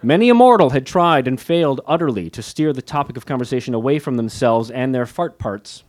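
A man's voice: medium pitch, animated, fairly quick, darkish tone. A man reading his own memoir aloud, with wry, candid, self-mocking humor and light laughs between phrases. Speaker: author narrating his memoir. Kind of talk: audiobook memoir narration.

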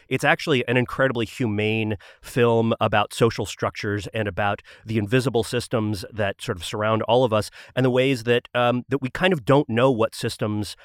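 A man on a podcast panel builds his case in an earnest, analytical way. His voice is mid-pitched and recorded dry and close. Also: no echo. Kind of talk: casual chat.

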